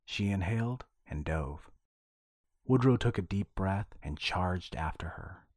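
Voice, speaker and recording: A man narrating audio fiction in a hushed, breathy manner. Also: sits low, lively intonation, unhurried, no echo, clean studio sound.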